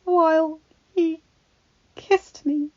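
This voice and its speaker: A woman voicing a frightened, gentle young heroine, tearful and pleading with shaky breath, in a storybook reading. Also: high voice, normal speed, creaky, pitched above the performer's own voice. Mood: distraught. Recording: slightly dull, faint background music.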